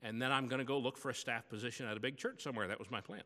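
A man's voice: mid-range voice, fairly even intonation, rapid-fire, bright, forceful tone, long reverb tail. A man preaching a sermon as pastor, telling personal stories in a conversational way.

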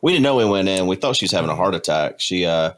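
A man's voice: deep voice, expressive, fast, a bit bright. A man chatting casually on a call, telling a long rambling story with dry, sarcastic jokes. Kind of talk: casual chat.

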